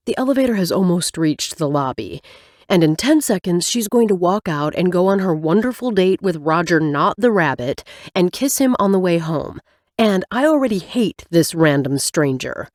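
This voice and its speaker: Expressive woman audiobook narrator, dry sound. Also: on the low side, normal speed, no room sound. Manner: expressive storytelling with wry asides. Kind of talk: scripted first-person narration.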